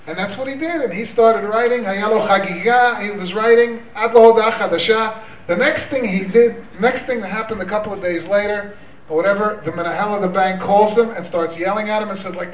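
A man's voice: sits high, a little fast, dull audio, slight background noise. A man hosting a live community evening, chatty and hesitant, mixing Hebrew words into his English. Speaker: event host and organizer. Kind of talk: live event talk with a joke. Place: hall at an evening community event. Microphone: handheld microphone, away from the recorder. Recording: echoey hall, voice from far off.

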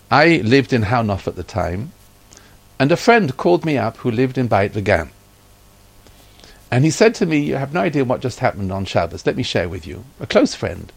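A man's voice: mid-range voice, gravelly. A man telling a story from his own life, acting out the dialogue and sprinkling in Yiddish and Hebrew terms. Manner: acts out quoted dialogue, lively retelling.

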